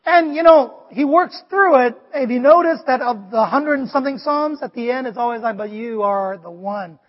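A male pastor giving an animated sermon, often asking the congregation "Amen?". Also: very high voice, normal speed. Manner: animated, preachy, asks the crowd "Amen?". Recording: dull, long hall reverb.

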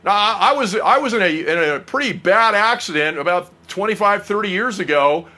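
A man's voice: high-pitched, expressive, moderate pace, bright, forceful tone. A middle-aged man preaching a sermon, earnest and personal, often asking the congregation questions.

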